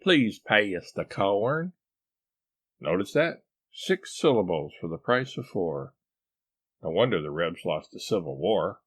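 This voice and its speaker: A man voicing a pompous, eccentric husband who lectures in a drawn-out, know-it-all way in a storybook reading. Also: low voice, very animated, breathy edge, no room sound, heavily acted. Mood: lecturing.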